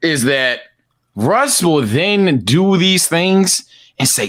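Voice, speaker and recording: A man's voice: sits high, sing-song, normal speed, creaky, noisy background. A man co-hosting a casual podcast, ranting in an exasperated, profane way with lots of repeated words. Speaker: podcast co-host.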